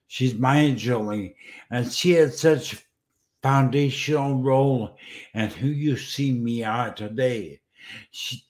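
A man hosts a casual livestream show, his voice emotional and a little shaky. He speaks slowly and often stops to restart his words. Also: mid-range voice. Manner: emotional, halting, repeats words. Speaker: show host.

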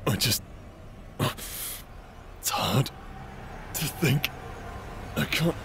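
A man voicing a tormented young man possessed by a sword, speaking in halting, broken-up bursts in an audio drama role-play with music behind. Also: medium pitch, lively intonation, vocal fry, noisy background, full character voice. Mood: anguished. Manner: haunted, halting, broken-up speech.

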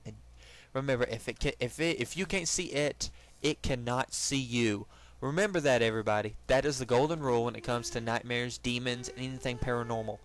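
A young man hosting a let's play, reading game text aloud and reacting with excited, jokey commentary. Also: medium pitch, fairly quick. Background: game music.

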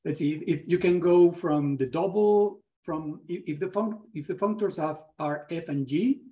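A man's voice: fairly high pitch, normal speed, dark tone, dull audio. A man in the audience explaining a math idea in an academic discussion, often restarting mid-sentence as he searches for words. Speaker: audience member asking a question.

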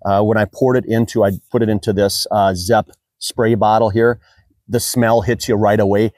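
A man's voice: on the low side, flat delivery, moderate pace, darkish tone, no echo. An American man talking casually in a product review vlog, chatty and rambling with frequent fillers. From United States. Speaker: car detailing YouTuber.

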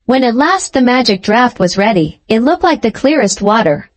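A woman's voice: a little high, very animated, normal speed. Woman reading a fairy tale aloud. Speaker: storyteller. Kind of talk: scripted storybook narration for English learners.

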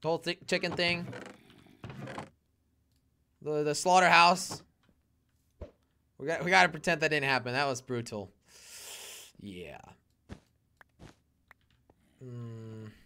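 A man's voice: fairly high pitch, slow, long pauses, pushed and bright, smooth. A young man streaming live gameplay, exclaiming and fretting aloud and answering his chat. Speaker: gaming streamer.

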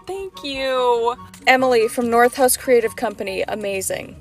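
A young woman chatting excitedly in a casual vlog. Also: fairly high pitch, a little slow, faint music behind. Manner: bubbly, excitable. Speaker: comedy creator.

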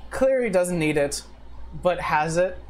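A casual game master narrating a tabletop adventure in loose, halting phrases. The delivery is relaxed and conversational. Soft music plays underneath. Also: medium pitch.

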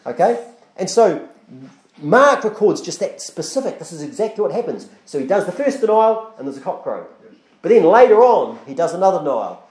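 A male preacher with a fairly high, mellow voice that climbs and dips a lot as he talks. He preaches in a loose, conversational way, restarting phrases and acting out little quoted exchanges. The sound carries the echo of a church hall. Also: big pitch swings, normal speed. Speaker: pastor. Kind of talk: sermon.

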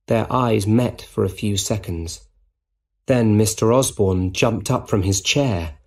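A man narrating a simple story for English learners, reading clearly and deliberately. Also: fairly low pitch, a little mellow.

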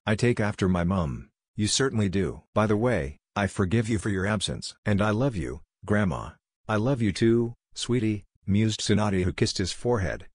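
A man with a very low, husky voice reads a fan story aloud. He narrates and voices every character in the same even delivery. The recording is dry and close. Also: no echo. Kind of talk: scripted narration.

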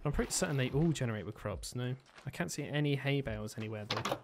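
A man giving chatty let's-play commentary as he plays, thinking aloud with excitable bursts. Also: medium pitch, fast talker, noisy background. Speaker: gaming video creator.

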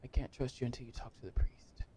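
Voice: mid-range voice, steady tone, fast, in a whisper, natural voice. Gamer reading a nervous shut-in tenant. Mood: wary. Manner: hesitant, stumbling, quiet.

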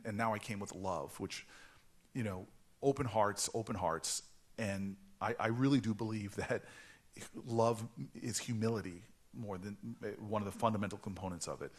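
A man's voice: on the low side, normal speed, breathy edge. A man in his forties from New Jersey, an author guest telling stories at a book event with many stammered restarts. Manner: animated storytelling with stammering restarts.

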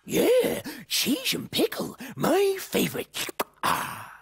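A woman's voice: very high-pitched, huge pitch swings, slow, gravelly, background noise, heavily acted. A woman voicing a playful, food-loving male puppet dog in a children's TV show, eager and giggly.

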